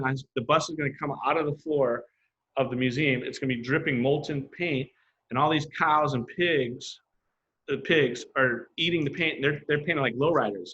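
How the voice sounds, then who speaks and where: The graffiti artist guest, a man with a husky, slightly rough medium-pitched voice, tells stories loosely and with animation, slipping into other people's voices when quoting them. The sound is a little dull, like a modest podcast setup.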